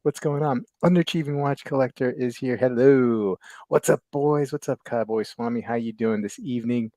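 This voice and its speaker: An American man in his thirties hosts a relaxed livestream podcast, greeting viewers in the chat while rambling with frequent fillers and false starts. His voice is mid-range and warm at a moderate pace, recorded dry with clean studio sound.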